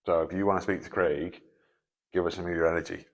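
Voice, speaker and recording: Low-voiced joking man. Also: fairly even intonation, fast, dry recording. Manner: joking, swears freely, talks to the spirit directly. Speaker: paranormal investigator host. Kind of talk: casual chat during a night investigation. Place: cold canal tunnel outdoors at night.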